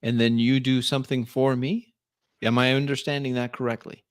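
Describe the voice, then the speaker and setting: A man's voice: medium pitch, little pitch movement, moderate pace, smooth, no echo, studio quality. A man voicing a still, red-eyed robot crime boss in a tabletop game who speaks in a cool, probing, businesslike manner.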